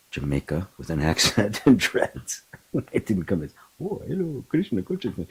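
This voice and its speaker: A middle-aged man, a spiritual teacher, talking reflectively in an open forum and telling stories with animated bursts. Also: very deep voice, slightly rough, low-quality recording. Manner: reflective, animated storytelling with laughs. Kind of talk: open forum talk on self-inquiry.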